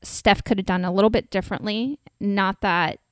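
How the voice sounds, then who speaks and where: A woman's voice: medium pitch, steady tone, normal speed, clear, resonant tone, dry recording, studio quality. A woman who hosts a podcast as a dating coach, giving frank, direct advice in a casual chat and swearing casually.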